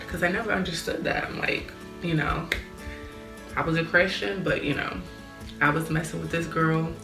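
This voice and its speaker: A woman's voice: sits low, fairly even intonation, moderate pace, vocal fry, echoey room, music in the background. A young woman sharing a personal faith testimony in a candid, earnest way, with lots of "like". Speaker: vlogger.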